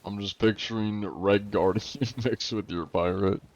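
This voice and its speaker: A man's voice: fairly low pitch, steady tone, unhurried, darkish tone, dull audio. A man streaming a game and chatting with viewers in a joking, teasing way, with a put-on Russian accent. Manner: joking, teasing, playing a mock-Russian persona. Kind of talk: casual livestream gaming chat.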